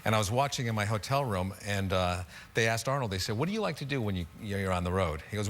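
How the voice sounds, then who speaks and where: A man's voice: fairly low pitch, lively intonation, quick pace, few pauses, a bit bright. A man in his fifties, a talk show guest telling dry, self-deprecating anecdotes in casual conversation. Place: television studio.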